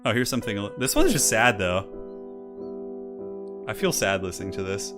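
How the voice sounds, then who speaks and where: A man's voice: lowish voice, sing-song, fairly quick. A man hosting a game tournament stream in casual live commentary, chatty and rambling and laughing often. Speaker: tournament stream host and caster. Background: faint classical music playing.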